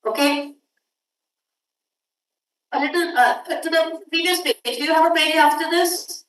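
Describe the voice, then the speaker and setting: High-voiced woman lecturing in echoey hall. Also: a bit bright, a little hiss or hum. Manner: brisk, directive, urges students to hurry. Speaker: workshop instructor. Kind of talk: classroom lecture. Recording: echoey room audio from far off.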